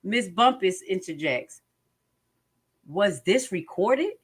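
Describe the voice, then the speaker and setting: Reading court transcripts out loud, a woman with a medium-pitched, slightly rough voice speaks slowly but with animation. She weighs in emphatically, repeating phrases and often asking her viewers questions.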